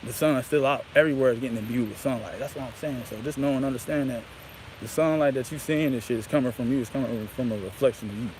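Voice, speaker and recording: A man's voice: medium pitch, fast, a little mellow, a little hiss or hum, poor audio. A man rambling grandly and profanely into a handheld phone outdoors, peppering his talk with "you know what I mean". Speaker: vlogger.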